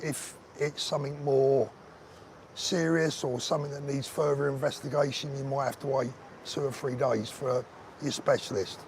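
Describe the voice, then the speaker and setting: A man's voice: mid-range voice, fairly even intonation, moderate pace, creaky, darkish tone, a little hiss or hum. A man hosting a casual live stream while walking outdoors, chatting to viewers by name in a bantering way. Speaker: vlogger host reading live chat. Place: outdoors on a street.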